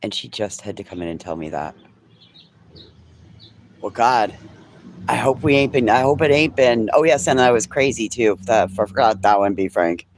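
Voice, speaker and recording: A man's voice: lowish voice, expressive, normal speed, long pauses, slight background noise. A man hosting a casual morning livestream chat. He talks sarcastically, swears, and drops into whispered asides. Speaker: livestream host.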